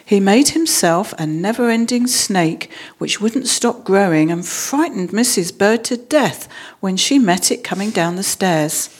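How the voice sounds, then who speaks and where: A woman reading a children's storybook aloud in a measured, expressive way. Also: mid-range voice.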